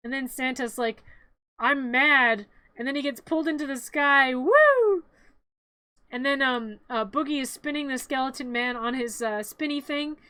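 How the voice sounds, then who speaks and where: A woman streamer casually narrating along with a film, rambling with playful, deadpan jokes. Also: high-pitched, clean tone, no room sound. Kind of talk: casual live-stream commentary.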